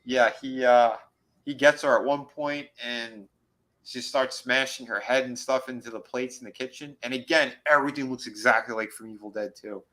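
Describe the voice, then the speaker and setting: A man co-hosting a horror review podcast, excitedly retelling episode scenes in a rambling, casual way. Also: mid-range voice, moderate pace. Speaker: podcast co-host.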